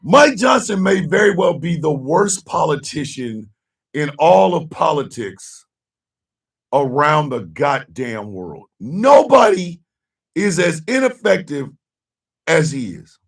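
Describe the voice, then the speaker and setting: A man rants on his talk show and curses freely, going from shouted outbursts to low grumbles. His voice is somewhat high and gravelly, with a wide, jumpy pitch. He sits away from the microphone. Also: big pitch swings, slow pace, far from the mic. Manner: profane, shouting, swings between yelling and muttering. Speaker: host. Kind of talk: loud rant on a casual talk show.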